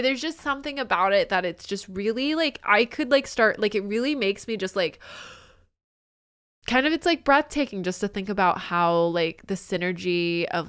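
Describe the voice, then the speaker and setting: A woman's voice: medium pitch, fairly bright tone, smooth. Chatty woman podcast co-host. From Filipino family. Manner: rambling, lots of "like", squeals playfully. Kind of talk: casual chat.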